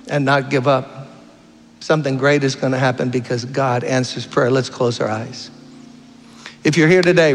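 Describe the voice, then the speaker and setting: A man's voice: on the high side, long reverb tail. A man preaching a fervent sermon, telling stories and appealing to the congregation. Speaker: guest preacher. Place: church sanctuary.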